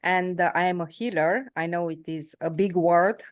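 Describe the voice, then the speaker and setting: A woman in a workshop practicing a self-introduction, hesitant, pausing often. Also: lowish voice, no room sound, studio quality. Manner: hesitant, lots of uh fillers, laughs easily. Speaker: workshop participant. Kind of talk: practicing a pitch, casual.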